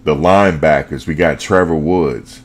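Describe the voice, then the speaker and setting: A man hosting a fan show, talking football in a casual, animated way, full of slang and repetition. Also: a bass voice, moderate pace. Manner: animated, repeats himself, slangy.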